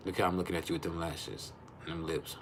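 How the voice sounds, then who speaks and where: A man's voice: sits low, level tone, fast, slight background noise. A man hosting a casual livestream from home, teasing his viewers with profane jokes and laughing often. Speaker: livestream host. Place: at home, refrigerator behind him.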